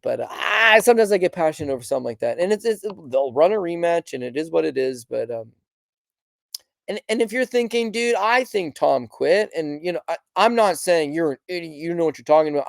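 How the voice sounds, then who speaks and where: A man's voice: high voice, darkish tone, no room sound, studio quality. A man hosting a sports podcast, talking in a passionate, rambling way and acting out quotes of fighters and fans. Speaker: podcast host. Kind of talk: casual sports commentary.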